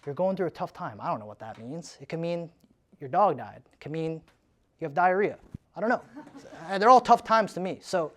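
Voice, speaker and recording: A man giving a live sales training in a casual, energetic way, often tagging his points with "right?". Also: on the high side, moderate pace.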